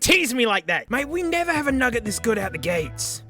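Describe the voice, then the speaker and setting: A man hosting a casual tech video, talking excitably and joking as he goes through old gadgets. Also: extremely high pitch, normal speed, faint music behind. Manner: excitable, jokey, many exclamations and laughs. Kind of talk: casual unboxing commentary.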